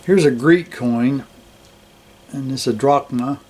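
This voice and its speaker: An older man showing his coin collection in a slow, relaxed, admiring way, with many fillers. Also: medium pitch, slight background noise. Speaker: metal detecting hobbyist host. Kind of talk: casual show-and-tell of a coin collection.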